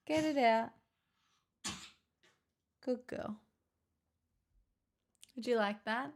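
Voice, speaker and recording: Gravelly woman streamer. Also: on the high side, very slow, pauses often. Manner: reads chat messages aloud with playful quips. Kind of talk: casual live-stream chat.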